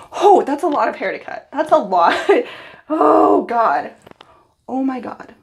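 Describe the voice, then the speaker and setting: A woman's voice: high-pitched, very animated, slow, gravelly. A young woman hairstylist talking to her phone in her bathroom, nervous and giggly as she chats to herself. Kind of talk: casual vlog self-talk. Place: bathroom at home.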